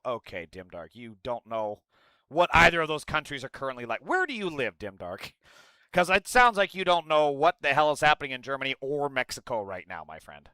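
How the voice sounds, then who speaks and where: A man's voice: fairly high pitch, big pitch swings, a little fast, bright, forceful tone, clear, resonant tone, no room sound. A man streaming live, reacting to a clip and reading chat aloud, blunt and often profane. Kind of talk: casual live-stream commentary.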